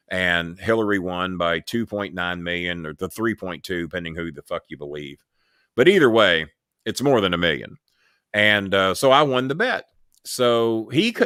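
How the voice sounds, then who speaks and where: A man's voice: fairly low pitch, no room sound, clean studio sound. A man hosting a live show, telling blunt stories in a casual voice with lots of swearing. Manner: blunt, heavy swearing, animated retelling. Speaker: show host. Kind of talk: profane live-show storytelling.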